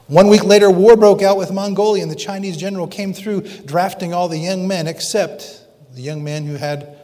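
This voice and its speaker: A man preaching a sermon dramatically, slowing down for emphasis. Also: high-pitched, steady tone, warm tone. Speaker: pastor. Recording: long reverb of a large hall.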